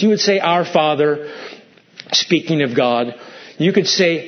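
A man's voice: a little high, normal speed, highs cut off. A male pastor preaching a sermon, asking the congregation pointed rhetorical questions and acting out quoted lines in a raised voice.

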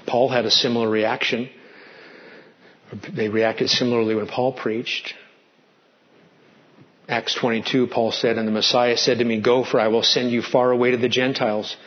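A man preaching a sermon as pastor, animated and swinging between loud and hushed, sometimes asking the congregation questions. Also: medium pitch, moderate pace, pauses often, muffled recording.

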